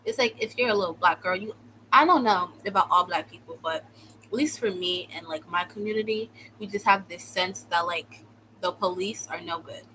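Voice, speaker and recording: A bright-voiced young woman from the United States tells a storytime in loose, slangy talk. She often jumps into loud, high exclamations. Her voice is faintly noisy. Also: normal speed. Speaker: vlogger. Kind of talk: casual storytime.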